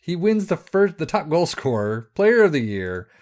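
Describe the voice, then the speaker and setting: Animated, exasperated male game commentator. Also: on the high side, moderate pace. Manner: excitable, exasperated, swears and talks to himself. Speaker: video game streamer. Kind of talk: let's-play commentary on a football management game.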